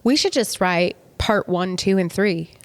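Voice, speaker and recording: A woman co-hosting a podcast, soft-spoken and meandering, with many hesitations in casual banter. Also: mid-range voice, expressive, a little slow, dry recording. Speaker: podcast co-host.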